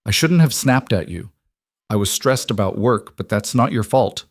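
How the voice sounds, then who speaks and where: A man voicing a stressed working woman in a spoken story, clipped, tense and quick to defend herself. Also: on the low side, animated, no room sound, studio quality. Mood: strained.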